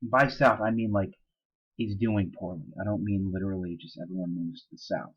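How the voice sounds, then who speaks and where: A man's voice: sits low, fairly even intonation, fairly quick, slightly rough, muffled recording. A man teaching social studies in a casual, explanatory recorded lecture, with fillers and asides.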